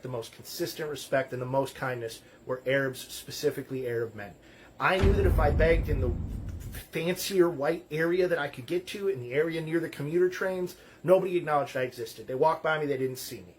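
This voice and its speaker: A man's voice: a little high, slight background noise. A man speaking candidly and with emotion about a hard time in his life, in a loose conversational way with many fillers, close to tears. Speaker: storyteller. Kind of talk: personal story told to camera.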